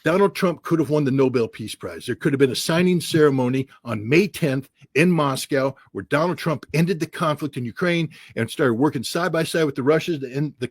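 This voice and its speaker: A furious man from the United States lays out his views as an interview guest, in a sharp, heated rant full of sarcasm. His voice sits a little high. The sound is dry and close, with no room around it. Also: dry recording. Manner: angry, forceful, ranting, cutting sarcasm. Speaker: guest commentator. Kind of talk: heated political commentary.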